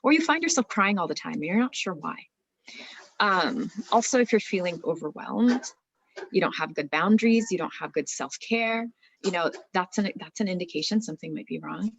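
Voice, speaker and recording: A woman's voice: on the low side, animated, moderate pace, gravelly, a bit bright, slight background noise. A woman therapist giving an earnest talk on marriage, explaining with many rhetorical questions.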